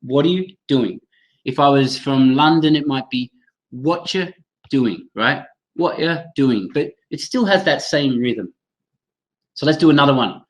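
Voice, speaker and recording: A man's voice: medium pitch, moderate pace, rough recording. Enthusiastic man teaching a webinar. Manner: enthusiastic, addresses attendees by name, models pronunciation aloud. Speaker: teacher trainer hosting a webinar.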